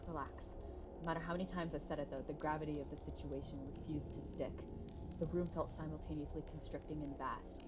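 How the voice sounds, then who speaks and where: Low-voiced woman streaming a game. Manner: joking, swearing asides between read lines. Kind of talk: reading a visual novel aloud on a game stream. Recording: dull lo-fi mic with background noise.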